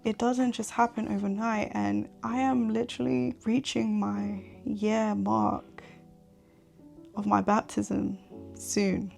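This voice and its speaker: A woman's voice: medium pitch, creaky, a little mellow. A young woman in her twenties hosting a faith podcast, speaking earnestly and candidly and often repeating herself for emphasis. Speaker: podcast host.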